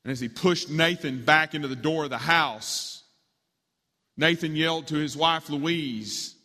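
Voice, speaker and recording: A man's voice: on the high side, a little slow, sharp tone. A man preaching, telling a story dramatically as part of a sermon, in a large hall with long reverb.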